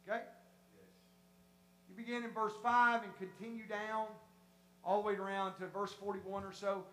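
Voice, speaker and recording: A Pentecostal preacher giving an impassioned sermon, repeating phrases, rising to shouts, and acting out voices from the congregation. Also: mid-range voice, flat delivery, normal speed, roomy sound. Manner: repetitive, acts out congregation voices. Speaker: pastor.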